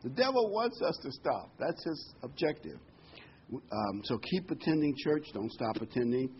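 A man's voice: medium pitch, very animated, moderate pace, highs cut off, a little hiss or hum. A man preaching a sermon in a folksy way, with corny jokes and frequent ums.

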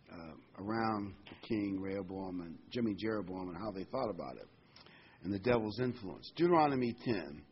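Male preacher, easygoing sermon delivery, repeats words for emphasis, muffled lo-fi recording with faint hiss. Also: lowish voice. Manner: conversational preaching with fillers and emphatic repetition. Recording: dull lo-fi sound with faint noise.

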